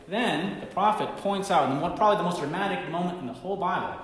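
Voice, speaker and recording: A pastor preaching a sermon, telling a story dramatically and swinging from hushed tones to loud bursts. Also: male voice, a little high, lively intonation, a little fast, few pauses. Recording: very echoey hall reverb.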